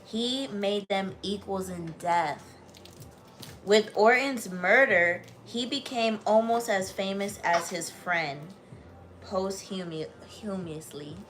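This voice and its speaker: An American woman hosting a livestream, reading a book aloud with steady emphasis and breaking into bubbly, chatty asides to her viewers. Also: medium pitch, takes it slowly, a little hiss or hum. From United States. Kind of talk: reading aloud to live viewers, with casual chat.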